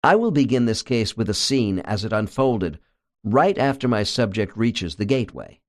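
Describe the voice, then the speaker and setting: A man narrates an audiobook from a script, reading in a measured, expressive way. His voice is lowish, and the studio-quality recording has no room sound.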